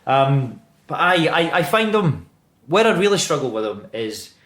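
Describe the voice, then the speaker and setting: A man's voice: fairly high pitch, unhurried. Scottish man telling stories, roomy echo. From Scotland. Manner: animated, swears freely, laughs while telling stories. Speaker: actor guest. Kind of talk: casual interview chat.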